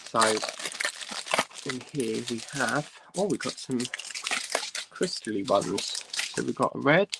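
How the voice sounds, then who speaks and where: Guy chatting thru an unboxing, gravelly and slow, noisy recording with clicks. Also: medium pitch, expressive. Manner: chatty, thinking aloud, lots of "right, um". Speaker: host. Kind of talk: casual unboxing vlog.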